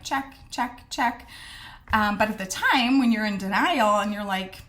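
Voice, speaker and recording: A middle-aged woman with a mid-range voice tells her own story in a casual, candid way. She acts out the lines people said to her with lively, animated energy. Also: medium pitch. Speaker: midwife sharing her diagnosis story.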